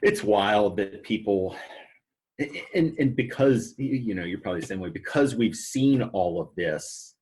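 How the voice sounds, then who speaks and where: Podcast guest: a low, husky male voice; halting, restarting storyteller. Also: animated, a little mellow. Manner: stammers and restarts, quotes customers. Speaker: podcast guest, movie theater manager. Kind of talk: casual storytelling chat. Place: podcast recording.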